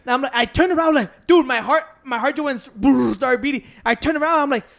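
A man's voice: very high-pitched, fast, vocal fry, fairly bright tone. A man telling stories in a casual chat, slangy, profane and joking. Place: Chicago.

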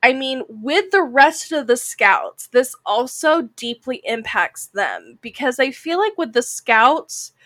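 A woman's voice: high-pitched, expressive, slow, few pauses, a bit bright, no echo. A woman co-hosting a casual anime discussion podcast, chatty and full of "like" fillers, sounding a bit like a Valley girl. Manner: chatty, heavy use of "like" fillers. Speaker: podcast co-host.

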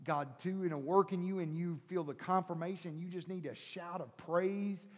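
A male pastor preaching a sermon, shifting from quiet teaching to loud shouted preaching and calling the listeners brother and sister. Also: high voice, steady tone, moderate pace. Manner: calls the congregation brother and sister. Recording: long hall reverb.

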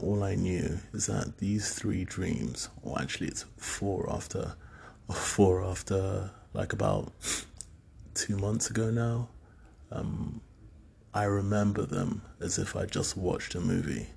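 A man's voice: low-pitched, vocal fry, darkish tone, slightly rough. A man in his thirties from the UK, musing alone in a rambling, hesitant way with many fillers. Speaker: solo speaker recounting dreams. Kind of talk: casual monologue.

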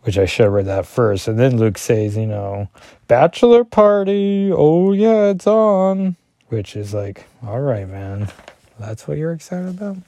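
A man's voice: fairly low pitch, normal speed, creaky, mellow, no echo, clean studio sound. A man chatting through a comic issue page by page, filling the talk with "like" and self-deprecating asides. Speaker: comic book vlogger. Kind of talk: casual comic reading and commentary.

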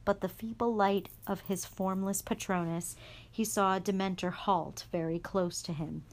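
A woman reading a chapter of a storybook aloud in a calm, even voice. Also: mid-range voice, moderate pace. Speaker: guest reader.

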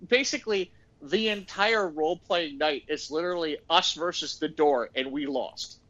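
Bright, high male storyteller on a dull lo-fi recording, acting out quotes. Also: normal speed. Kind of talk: casual chat.

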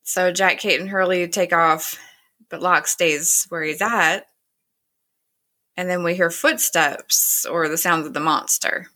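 A woman's voice: on the low side, slow, pushed and bright. A woman casually retelling a TV episode scene by scene, quoting the characters with "he's like" and "she's like". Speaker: show recapper.

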